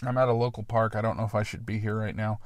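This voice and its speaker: A man's voice: on the low side, flat delivery, quick pace, dry recording, clean studio sound. A man hosting a solo podcast, rambling and self-deprecating with casual swearing, recording outdoors in a park. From Columbus, Ohio. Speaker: podcast host.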